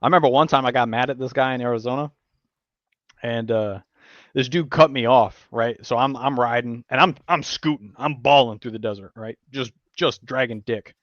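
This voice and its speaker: A man tells a story in a casual podcast chat, swearing freely and acting out the people he quotes with lively energy. His voice sits at an average pitch. The recording is dry and a little dull. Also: moderate pace, dry recording. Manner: animated storyteller, swears a lot, acts out quotes. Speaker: podcast host.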